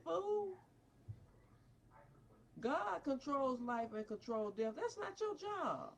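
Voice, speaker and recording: Fiercely scolding woman with a lively voice. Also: high voice, a little slow, gravelly, slight background noise. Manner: confrontational, preachy, scolding. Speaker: parent. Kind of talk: angry rant addressed to a doctor.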